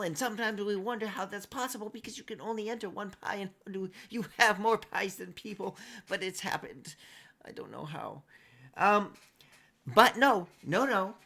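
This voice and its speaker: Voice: mid-range voice, bright, forceful tone, pitched above the performer's own voice. A game master voicing a nervous, fussy male halfling who runs a pie contest. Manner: fussy, flustered.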